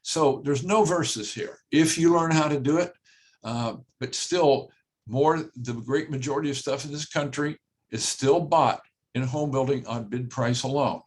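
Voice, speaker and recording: An older man, a home builder, presents a workshop in a plain-spoken, conversational way, often repeating his key phrases and pausing with "uh". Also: medium pitch. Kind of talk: conversational webinar talk.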